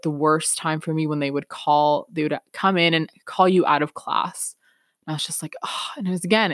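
A young woman who hosts a podcast shares a personal story, earnest and reflective, with the occasional laugh. Her voice is low-pitched, and the recording is dry with clean studio sound.

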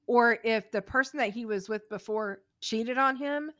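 A woman co-hosting a podcast, agreeable and quick to laugh, often chiming in with short affirmations during casual chat. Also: on the high side, fairly bright tone. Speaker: podcast co-host. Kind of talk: casual reality-TV recap chat.

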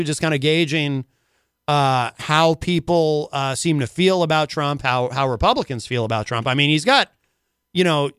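Chatty New radio host. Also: male voice, fairly high pitch, smooth, no echo, studio quality. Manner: rambling, many filler words. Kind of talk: casual talk radio.

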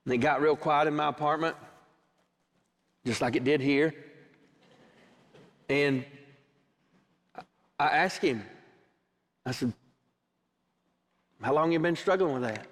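Preacher in a reverberant church. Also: male voice, fairly high pitch, takes it slowly, pauses often, fairly bright tone. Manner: storytelling preacher, acts out both sides of conversations. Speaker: pastor. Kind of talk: sermon. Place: church sanctuary. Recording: long hall reverb, church sanctuary.

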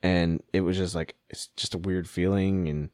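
A man's voice: low voice, steady tone, normal speed, darkish tone, no echo, studio quality. A man casually telling a funny story, laughing often and acting out what people said. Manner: laughing storyteller, acts out quotes. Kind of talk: casual chat.

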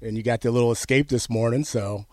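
A man's voice: mid-range voice, fast, no room sound. Easygoing chatty male radio host. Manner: relaxed, chatty, many ums, laughs easily. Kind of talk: casual morning radio chat. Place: radio studio. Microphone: studio microphone.

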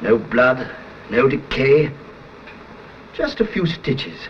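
Feverish young scientist, theatrical swoops in pitch, muffled hissy 1930s film sound. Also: male voice, takes it slowly, far from the mic. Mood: exalted. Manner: excited, declamatory. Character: driven young male scientist, feverish and obsessed. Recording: dull 1930s film soundtrack with faint hiss.

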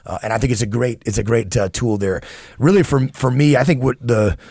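Husky-voiced man, earnest and stammering. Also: medium pitch, a little fast, a little mellow, dry recording, clean studio sound. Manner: earnest, many restarts and repeated words. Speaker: podcast co-host. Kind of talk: casual conversation.

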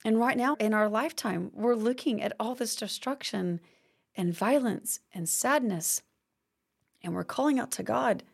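A woman's voice: on the high side, unhurried, gravelly, husky. A woman hosting a faith-based teaching podcast, talking expressively and acting out complaining prayers. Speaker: podcast host.

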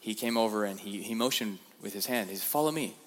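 A young man, a guest speaker, giving a sermon-style testimony in a church, telling his story in an animated way with many repeated words. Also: lowish voice, fast. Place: church sanctuary. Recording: reverberant church hall.

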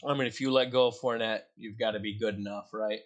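A man's voice: on the low side, steady tone, quick pace. Joking man co-hosting a sports podcast. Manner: jokey, steers the segments. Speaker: podcast co-host. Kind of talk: casual chat.

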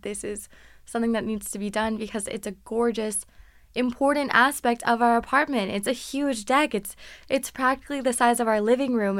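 A woman hosting a podcast, telling stories in a casual, animated, sarcastic way and laughing often. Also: on the high side, smooth, dry recording, clean studio sound. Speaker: podcast host. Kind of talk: casual storytelling monologue.

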